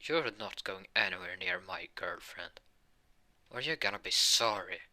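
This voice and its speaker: A man's voice: lowish voice, slow, sharp tone, exaggerated voice. A man voicing a protective, threatening young male hero turned evil in an improvised fan story. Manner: cold, threatening.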